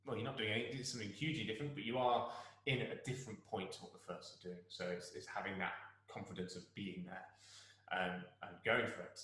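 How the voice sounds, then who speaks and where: Brief: male conductor, lowish voice, encouraging, sings the odd phrase, strongly reverberant room. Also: a bit bright. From England. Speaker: orchestra conductor. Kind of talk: rehearsal guidance to musicians. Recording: very echoey room.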